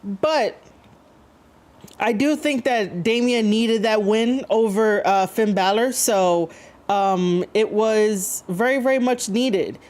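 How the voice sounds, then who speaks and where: Speaking slowly in a medium-pitched, darkish voice, a female streamer reacts to wrestling live. She talks casually and loosely to her audience, filling gaps with fillers and reading out chat.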